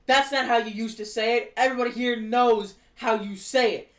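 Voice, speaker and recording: A boastful, scheming wrestling faction boss, as a streamer puts him on in a recap. The impression stays close to an everyday voice at a middling pitch. A roomy echo hangs around the voice. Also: normal speed, lightly acted. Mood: pushy.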